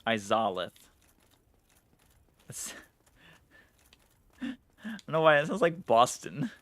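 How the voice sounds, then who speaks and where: A man's voice: fairly high pitch, very animated, slow, a bit bright, no echo. A man streaming a game live, chatting casually in a rambling way, swearing and laughing at himself. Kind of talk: casual live-stream chat while gaming.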